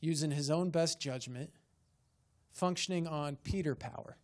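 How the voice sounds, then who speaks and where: Pastor, male, fairly high voice, preaching with rhetorical questions and building emphasis. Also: unhurried, darkish tone. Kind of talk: sermon. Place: church sanctuary.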